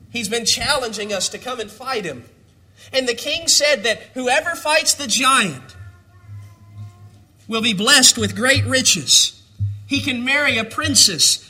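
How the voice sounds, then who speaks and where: A man's voice: very high-pitched, bright, forceful tone. A man preaching a sermon, reading scripture with lift and emphasis and acting out the voices of its figures. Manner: bible reading in a lifted, emphatic voice.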